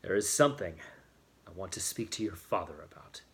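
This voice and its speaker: A man reading aloud, voicing a pale, earnest young man who speaks quietly and with restraint. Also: sits low, expressive, brisk, husky, voice pushed down, heavily acted. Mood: restrained.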